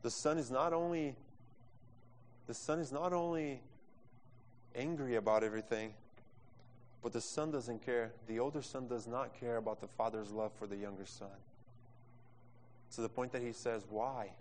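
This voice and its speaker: A man's voice: medium pitch, steady tone, moderate pace, long pauses, a little hiss or hum. A man preaching a sermon as pastor into a microphone, with passionate delivery and phrasing. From Brazil. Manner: impassioned preaching, non-native phrasing, acts out quotes. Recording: long reverb from a hall.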